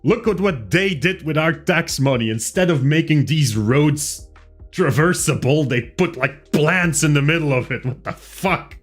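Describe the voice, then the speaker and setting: A man's voice: a little high, expressive, a little slow, soft background music, voice pushed up. A man voicing an irate driver, who rants indignantly and swears. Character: irate Flemish driver ranting about taxes.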